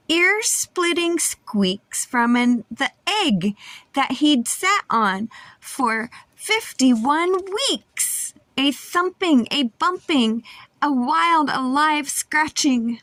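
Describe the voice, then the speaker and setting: A woman reading a rhyming children's book aloud in a sing-song, animated storytime voice. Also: high voice, no echo. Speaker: storytime reader.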